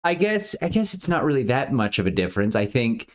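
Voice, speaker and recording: A woman's voice: rumbling low, big pitch swings, a little fast. A woman in her thirties co-hosting a podcast, rambling in casual chat, upbeat and often laughing. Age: 30s. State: out of breath. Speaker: podcast co-host.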